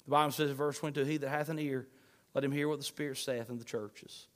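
A man preaching a sermon, fervent, swinging between shouts and hushed pleading. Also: medium pitch, fairly even intonation, fast. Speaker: pastor. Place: church sanctuary. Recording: long hall reverb.

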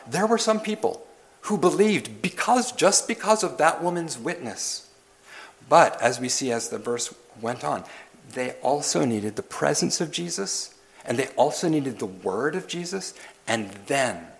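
A man's voice: mid-range voice, expressive, unhurried, vocal fry. A man preaching a sermon as pastor, pressing his listeners with questions and repeated lists. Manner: questioning, building emphasis through repetition.

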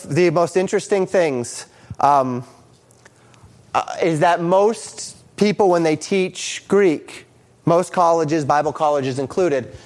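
Halting man teaching Bible Greek. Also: a little high. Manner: halting, with many ums and restarts; explains Greek grammar, reading out translations. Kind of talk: screen-share Bible lesson.

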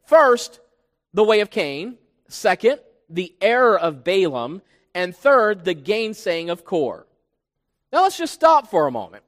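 A male pastor preaches with a high, lively voice that swings widely in pitch as he stresses each point. He sounds emphatic and teacherly and puts questions to his listeners. His words ring out with a long reverb, as in a large church sanctuary. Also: measured pace. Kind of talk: expository sermon.

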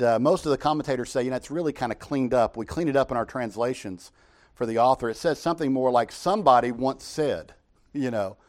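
A man's voice: mid-range voice, darkish tone. A middle-aged man preaching an expository sermon from the pulpit, conversational and full of rhetorical questions. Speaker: pastor.

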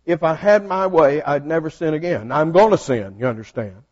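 A man teaches a Bible study in a folksy, conversational way and keeps turning questions back to his class. His voice sits a little high. The recording is dull and lo-fi. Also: animated, moderate pace, a little mellow. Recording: dull lo-fi sound.

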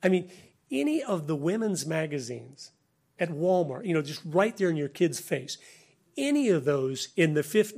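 Man preaching in a lively, conversational way. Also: high-pitched, husky. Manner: animated, conversational, laughs between points. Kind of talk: sermon-style talk.

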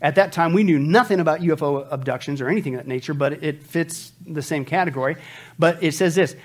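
A man preaching a sermon as pastor, emphatic, throwing rhetorical questions at the congregation and dropping from loud bursts to quiet asides. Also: quick pace. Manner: swings from loud outbursts to low asides.

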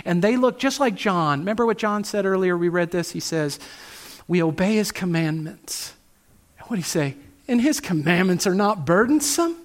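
A man preaching a sermon, asking rhetorical questions and slowing down to stress key phrases. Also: high voice, lively intonation. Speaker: pastor.

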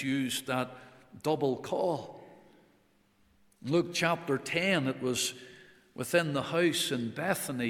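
A male preacher giving a sermon, earnest, swelling on key words and then dropping to a hush. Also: medium pitch. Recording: long reverb of a large church.

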